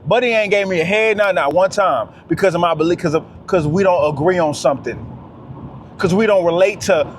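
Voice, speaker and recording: A man's voice: high-pitched, brisk, slight background noise. A man, giving an impassioned, preachy monologue straight to his viewers and repeating his points. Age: 30s. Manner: preachy, repetitive, talks straight to "fellas". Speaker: vlogger.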